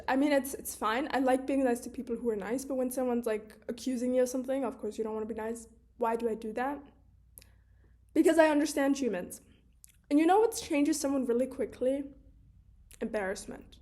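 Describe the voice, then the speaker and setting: A woman's voice: high voice, mellow. A young woman talking frankly to camera in a casual monologue, swearing freely and filling her talk with "like". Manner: candid, swears freely, chatty with many "like" fillers. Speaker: video creator.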